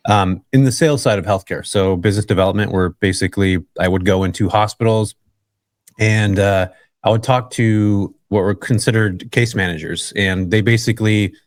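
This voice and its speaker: A man from California, a guest on an interview show, telling a long story in a relaxed, chatty way and often saying "man" and "like". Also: lowish voice, moderate pace, no echo, clean studio sound. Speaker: guest, real estate investor.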